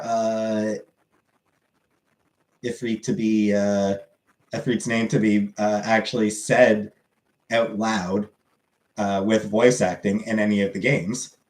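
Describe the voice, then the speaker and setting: A man's voice: on the low side, a little mellow. Man, streamer, casual chat, rambling, many fillers, echoey room. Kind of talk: casual chat reading viewer comments.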